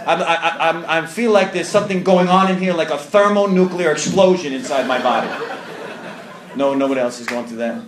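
A man speaking to a meeting, his voice on the higher side and bouncing around an echoey room. He tells his story with self-mocking humor and slips into other people's voices as he goes. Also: fairly quick, crowd noise. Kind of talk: personal storytelling to a live audience.

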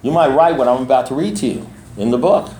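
A man's voice: mid-range voice, fast talker, dark tone, a little hiss or hum. A man speaking at a recovery meeting as a sponsor, blunt and streetwise, repeating lines for emphasis. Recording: echoey room with faint ambience.

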